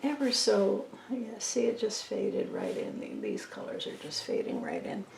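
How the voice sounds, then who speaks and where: Gravelly-voiced woman talking softly while painting. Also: medium pitch, wildly swooping pitch, normal speed, echoey room, slight background noise, poor audio. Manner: soft-spoken, thinking aloud, often trailing into a near whisper. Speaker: painting instructor. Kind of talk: casual tutorial narration while painting.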